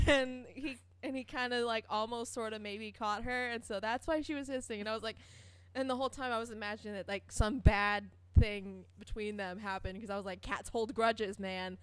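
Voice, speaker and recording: A woman's voice: on the high side, steady tone, normal speed, clean tone, dry recording. A young woman co-hosting a casual fan podcast, giggly and hesitant, often restarting her sentences. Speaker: podcast co-host.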